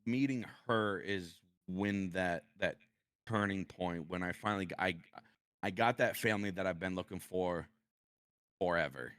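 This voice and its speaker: A man with a very deep voice speaks as a podcast guest, starting and restarting his sentences as he talks about his past. The sound is close and dry, with no room around it. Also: fairly bright tone, no echo. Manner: halting, repeats words, opens up about hard past. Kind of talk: personal interview conversation.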